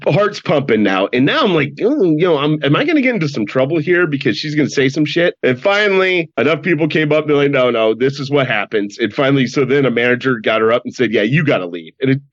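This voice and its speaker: A man telling a story in a casual podcast chat, swearing freely and loudly acting out what people said. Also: medium pitch, quick pace, hardly any pauses, no room sound. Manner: animated, profane storyteller, acts out quotes loudly. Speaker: podcast co-host. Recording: dry, slightly dull lo-fi sound.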